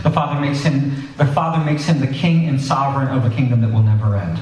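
A man's voice: medium pitch, fairly quick, darkish tone, distant mic. A man preaching a sermon and reading scripture, talking conversationally with asides to his congregation. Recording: echoey hall, voice picked up from afar.

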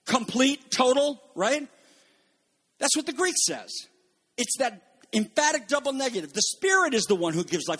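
A man's voice: high voice, expressive, moderate pace, sharp tone, slightly rough. A man preaching a sermon as pastor, emphatic and building to fervent peaks, calling his listeners folks. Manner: addresses congregation as folks.

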